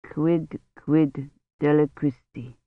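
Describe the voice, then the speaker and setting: A reader voicing a gentle, solemn medieval priest who murmurs Latin prayers slowly. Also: medium pitch, fairly even intonation, creaky, no room sound, voice pushed down. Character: gentle solemn medieval male priest giving last rites. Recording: dry tinny phone-like audio.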